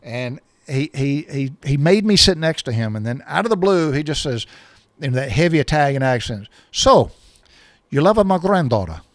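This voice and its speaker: A man's voice: medium pitch, animated, normal speed, no echo, studio quality. A man in his sixties telling a personal story in a folksy, rambling way, often repeating himself.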